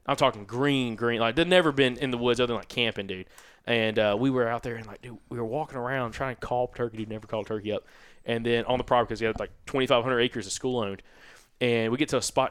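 Young man from Arkansas, fast, loose and animated podcast storyteller. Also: medium pitch, smooth. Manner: rambling, animated, heavy "like" and "dude". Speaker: podcast host. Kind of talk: casual storytelling chat.

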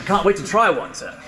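A man playing an overly polite tourist gentleman in a put-on British accent, pompous and chipper. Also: sits high, heavy background noise, voice pushed up, heavily acted. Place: fast-food restaurant counter. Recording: echoey restaurant room recording.

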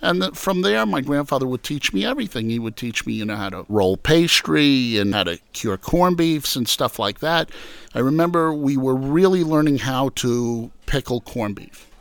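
A man's voice: medium pitch, normal speed, vocal fry, no room sound. A man from New York telling stories from his childhood in a casual interview, acting out the voices of people he quotes. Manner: animated storyteller who acts out quoted voices.

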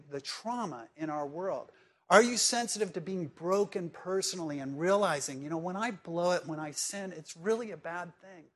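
A man delivering a sermon with a slightly higher than usual voice. He talks to his congregation conversationally, pressing them with direct questions. His delivery swings between emphatic and hushed. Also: expressive, moderate pace. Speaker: pastor.

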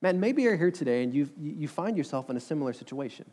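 Earnest preaching man, slightly high voice. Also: sing-song, fast talker, dark tone, breathy edge. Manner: earnest, conversational preaching with rhetorical questions. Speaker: pastor. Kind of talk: sermon.

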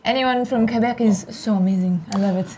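A woman guest on a chat show, reacting excitedly and chatting casually. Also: a little high, brisk, a crowd in the background, poor audio.

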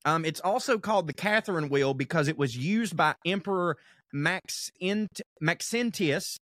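Male podcast co-host, rambling and profane, slightly raised pitch. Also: lively intonation, moderate pace, fairly bright tone, dry recording, studio quality. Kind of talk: casual comedic chat.

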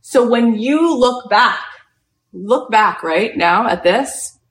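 A woman's voice: fairly high pitch, slow pace. A woman hosting a podcast, giving an inspirational talk and telling a story with lots of "like" in her speech. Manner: animated storytelling, heavy use of "like". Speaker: podcast host and retreat leader. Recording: echoey room.

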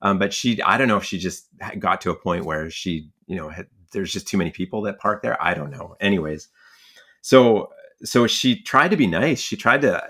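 A man's voice: low-pitched, animated, moderate pace, pushed and bright. A young man telling stories casually in a conversation, rambling with many filler words and frequent laughs. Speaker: guest, fly angler and magazine writer.

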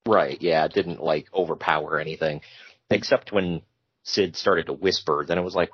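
A man's voice: very deep voice, steady tone, normal speed, husky, no echo. A man co-hosting a podcast, casually recapping wrestling with jokey asides and frequent laughs. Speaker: podcast co-host. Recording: dull lo-fi sound.

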